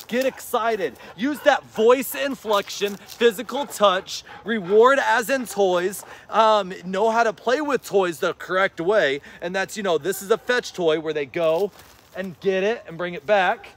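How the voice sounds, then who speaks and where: A man's voice: unhurried, slight background noise. Casual man giving dog tips outdoors. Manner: encouraging, calls out to his dog in a high excited voice; talks to the viewers in a casual, rambling way. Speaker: dog trainer and vlogger. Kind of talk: casual outdoor vlog while playing fetch. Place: outdoors, in a yard.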